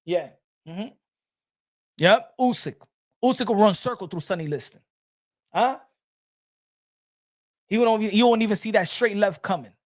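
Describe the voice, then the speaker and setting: Hosting a boxing talk show, a man with an expressive high voice speaks a little slowly and pauses often. His casual, ranting commentary is heated, repetitive and laced with profanity.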